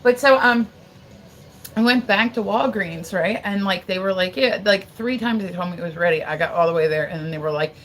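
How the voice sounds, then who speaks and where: A woman's voice: medium pitch, fairly quick, a bit bright, a little hiss or hum, low-quality recording. Woman in her forties, rambling livestream storyteller. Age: 40s. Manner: rambling, swears freely, frequent "like"; chats to viewers between stories.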